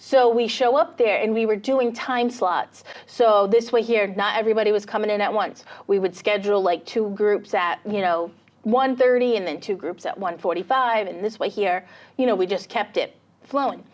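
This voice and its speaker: A woman's voice: mid-range voice, moderate pace. A woman, co-hosting a casual podcast and telling a story with animation, acting out what people said. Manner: animated storyteller, acts out quotes. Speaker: podcast co-host, real estate agent.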